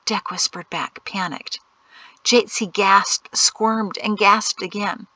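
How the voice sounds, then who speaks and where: A woman narrating an audiobook in an expressive storytelling read. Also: mid-range voice, unhurried, no room sound. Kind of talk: scripted narration.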